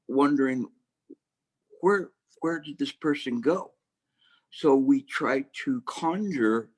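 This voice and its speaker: A man teaching meditation, giving a Dharma talk in a reflective, halting way with many restarts. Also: medium pitch.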